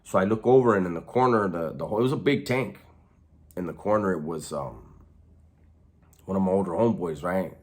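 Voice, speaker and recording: Brief: man from California, very low voice, casual storyteller, street slang, loose and rambling. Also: brisk, pauses often. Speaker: former inmate telling his story.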